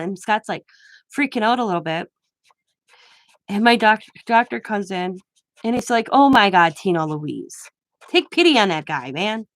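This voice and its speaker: A woman's voice: medium pitch, normal speed, fairly bright tone, no room sound. A woman in her forties telling a personal story in a casual, chatty way, acting out the quoted dialogue. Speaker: craft vlogger.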